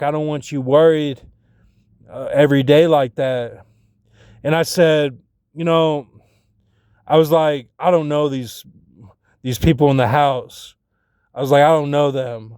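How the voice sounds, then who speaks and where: A man with a slightly raised pitch and a smooth, clear voice rambles through a personal monologue. He leans on fillers and restarts, and his voice climbs as he retells his arguments. The sound is dry and close. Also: a little mellow, no echo. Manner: retells arguments in an agitated, rising voice.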